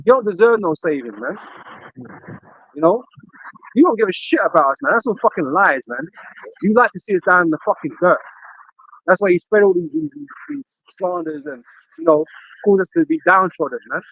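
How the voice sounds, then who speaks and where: A man's voice: high voice, sing-song, brisk, creaky, long pauses, fairly bright tone, husky, no room sound, highs cut off. A man speaking heatedly in a religious camp talk, cursing and ending lines with "man" and "you know". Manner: angry, profane, repeats "man" and "you know".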